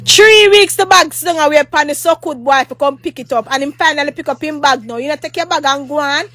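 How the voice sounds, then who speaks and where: Jamaican lady with a high voice ranting a storytime vlog, rambly and repetitive, cusses a lot. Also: quick pace, fairly bright tone, no room sound, soft background music. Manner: rambling, repetitive, swears often; breaks into mock prayer. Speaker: vlogger.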